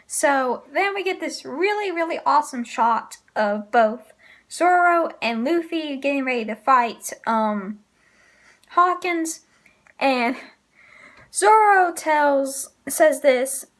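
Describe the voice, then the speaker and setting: High-voiced woman recapping slowly. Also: expressive. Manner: hesitant, frequent filler pauses. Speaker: manga reviewer. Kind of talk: casual chapter recap.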